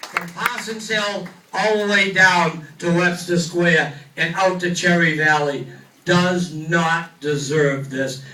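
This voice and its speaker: A man's voice: sits high, sharp tone. An older man, a state representative, speaking emphatically at a public meeting and repeating his key phrases. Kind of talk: speech at a public neighborhood meeting. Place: large meeting hall with a crowd. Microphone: distant room microphone. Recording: echoey hall, far from the mic, crowd noise.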